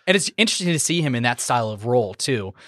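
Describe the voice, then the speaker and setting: A man co-hosting a podcast, animated and joking as he runs a trivia game. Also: medium pitch, rapid-fire, no room sound, clean studio sound. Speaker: podcast co-host. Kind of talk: casual chat.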